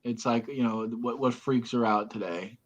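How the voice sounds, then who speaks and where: A man's voice: mid-range voice, steady tone, moderate pace. A man speaking as a guest in a casual chat, rambling and restarting his sentences. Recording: dull lo-fi audio.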